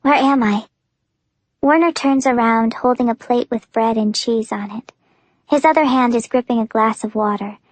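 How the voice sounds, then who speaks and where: A woman's voice: on the high side, normal speed, no echo. A young woman narrating a first-person audiobook with an emotive, breathless intensity.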